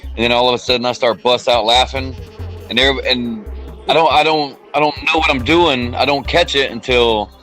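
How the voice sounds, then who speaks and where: A man co-hosting a podcast, telling stories in a casual, animated way, swearing freely and acting out quoted voices. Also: mid-range voice, moderate pace, soft background music, low-quality recording. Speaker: podcast co-host. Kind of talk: casual storytelling chat.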